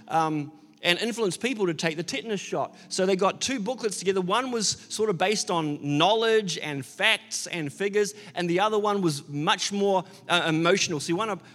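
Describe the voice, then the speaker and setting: A man's voice: high-pitched, fairly bright tone, big-room sound. A man preaching an Easter sermon, earnest and building to emphatic declarations, with casual asides and fillers. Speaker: pastor.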